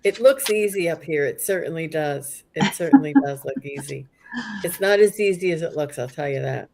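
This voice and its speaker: A chatty woman with a fairly low voice hosts a casual livestream card reading. She gushes over each card and trips over viewers' names as she goes. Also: lively intonation, moderate pace, gravelly, a crowd in the background. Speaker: host, psychic card reader.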